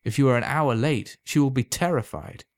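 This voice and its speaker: A man voicing a sly, calm old man who sells love potions, speaking smoothly and unhurriedly in a quietly insinuating way. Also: medium pitch, brisk, no room sound, studio quality, voice pushed up, lightly acted. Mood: knowing.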